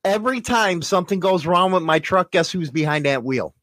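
A man's voice: high-pitched, lively intonation, brisk, a bit bright, no room sound, studio quality. A man co-hosting a casual podcast, rambling and making crude jokes. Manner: joking, rambling, bawdy. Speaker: podcast co-host.

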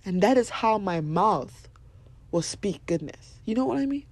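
Blunt, husky-voiced young woman podcaster. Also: mid-range voice, unhurried. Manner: blunt and animated, swears freely, laughs often. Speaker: podcast host. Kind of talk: casual motivational talk.

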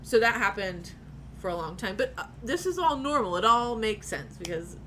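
A woman tells a personal story in casual chat, candid and profane, often laughing as she goes. Her mid-range voice is very animated and a bit bright at a moderate pace, with a little hiss or hum.

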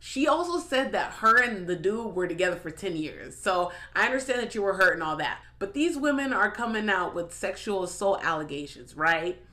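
A woman's voice: mid-range voice, animated, normal speed, few pauses, pushed and bright. A woman hosting a podcast, chatting casually with lots of laughs, profanity and filler "like"s. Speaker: podcast host. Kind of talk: casual chat commentary.

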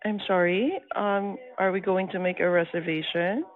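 A woman's voice: lowish voice, steady tone, moderate pace. A woman working as a reservations agent, answering a call in a patient, scripted manner. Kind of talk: customer service call. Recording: tinny phone line.

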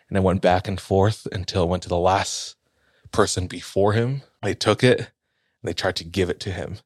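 A man casually retelling a ghost story, rambling with fillers and restarts, sinking to a hushed voice at tense moments. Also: sits low, dry recording, clean studio sound. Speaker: storyteller in a podcast-style chat.

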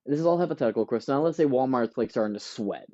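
A podcast host, ranting casually and profanely, acting out quick voices for companies and shoppers. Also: male voice, medium pitch, expressive, warm tone, lo-fi sound. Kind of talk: casual rant.

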